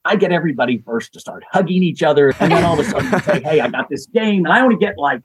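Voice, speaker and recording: A man telling lively anecdotes as a podcast guest, acting out quotes and laughing as he goes. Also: on the high side, fast, noisy background. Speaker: guest, executive search consultant. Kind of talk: storytelling in a podcast interview.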